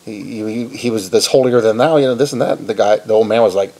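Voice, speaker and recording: A Christian video preacher with a lowish voice delivers a casual storytelling sermon at a fairly quick pace. He rambles in a relaxed, conversational way as he retells the story.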